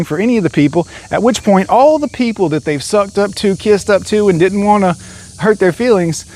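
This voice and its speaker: A man with a fairly high voice launches into an angry monologue, swearing freely and hammering every point with emphasis. It sounds like a one-man rant recorded for his own channel. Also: darkish tone, slight background noise. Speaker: vlogger. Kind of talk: ranting monologue.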